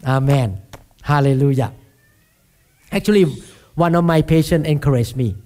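This man's voice is a bit high and a little mellow, moving at a normal speed. He's a pastor from Thailand with a Thai accent, delivering a sermon, often calling for the congregation's answers and poking fun at himself.

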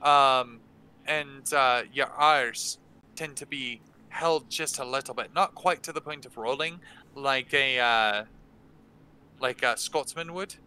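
Slow, bright-voiced man giving tips. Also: mid-range voice, clear, resonant tone, rough recording. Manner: halting, many fillers and restarts. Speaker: game master teaching a workshop. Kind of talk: casual instructional talk. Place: online stream.

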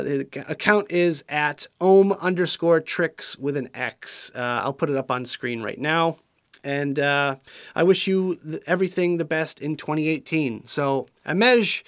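A man's voice: a little high, fairly bright tone, no echo, clean studio sound. A man hosting a vlog, reading viewer messages aloud and answering them in an earnest, rambling way, full of fillers and restarts. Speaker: vlog host reading viewer shout-outs. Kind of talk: casual vlog chat.

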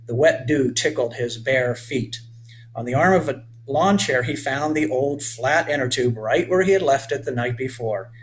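A man reading his children's book aloud in a clear, measured storytelling manner. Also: medium pitch, animated, a little hiss or hum, low-quality recording.

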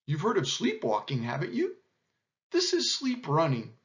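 A man's voice: on the high side, huge pitch swings, normal speed, lo-fi sound. A man doing a sly, chirpy hornbill. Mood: cheerful. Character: chatty male hornbill bird, cheerful and sly.

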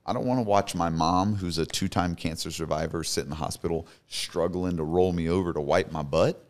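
Low-voiced man in his thirties. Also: fairly even intonation, a little fast, darkish tone. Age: 30s. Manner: earnest, emphatic, repeats for stress. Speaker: guest. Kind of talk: personal storytelling in a podcast interview.

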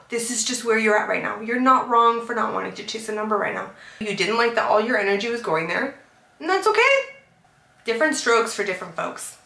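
A woman's voice: a little high, fairly quick, gravelly, pushed and bright, roomy sound. A young woman vlogger talking candidly and emotionally, rambling with lots of fillers. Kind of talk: candid confessional vlog chat. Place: car.

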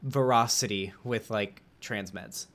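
A man's voice: on the low side, a little slow, a bit bright. A man hosting a casual debate with a viewer, talking in a rambling way with many fillers and restarts. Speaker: host.

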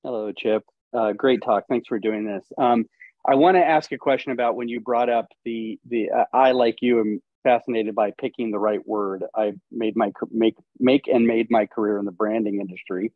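Guy calling in with a question, polite, kinda halting, thin dry phone-ish sound. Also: fairly low pitch, fairly even intonation, no echo. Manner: polite, searching for words. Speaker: caller. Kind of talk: audience question. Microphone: video call. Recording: tinny dry call audio.

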